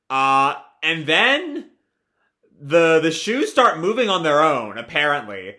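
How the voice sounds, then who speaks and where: Lively man recapping a comic. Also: a little high, unhurried. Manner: casual, lots of fillers and restarts, animated. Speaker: video creator. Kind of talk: live reaction to a comic chapter.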